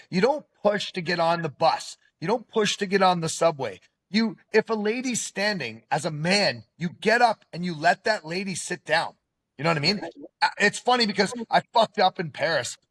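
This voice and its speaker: A man hosting a podcast in casual, animated chat, often stopping to add "okay?" to drive his point home. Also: high voice, normal speed. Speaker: podcast host.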